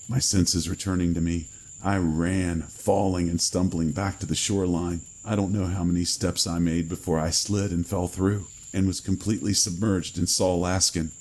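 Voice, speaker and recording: Man, horror story narrator, very deep voice, gravelly and husky, grave and measured. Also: a little mellow, poor audio.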